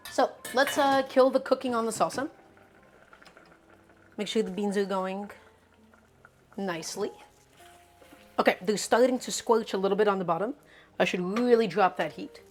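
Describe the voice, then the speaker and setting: In her home kitchen, a woman streams herself cooking, chatting casually and upbeat with her audience and responding to the chat directly. Her voice sits in the mid-range, with slight background noise.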